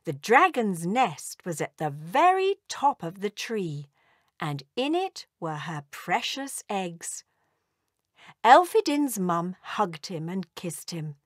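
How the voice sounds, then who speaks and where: A woman reads a children's story aloud at an unhurried pace, and her pitch rises and falls with the story. The sound is dry and close. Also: no room sound. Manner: gentle, expressive reading.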